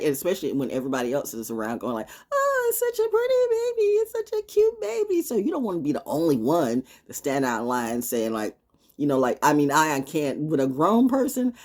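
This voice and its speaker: A woman's voice: sits low, a little mellow. A middle-aged woman hosting a talk show, rambling in a casual monologue, laughing often.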